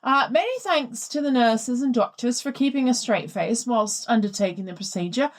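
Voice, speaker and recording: A woman's voice: fairly high pitch, moderate pace, lightly acted. A woman reading a listener's letter aloud in the voice of a posh British man, telling it in a dry, matter-of-fact way. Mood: wry. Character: posh adult British man recounting a mishap.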